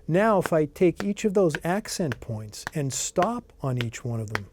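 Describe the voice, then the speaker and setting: A man's voice: a little high, sing-song, unhurried, noisy background. A middle-aged man teaching a guitar lesson, explaining rhythm in an easygoing way and counting beats aloud between demonstrations. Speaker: guitar instructor.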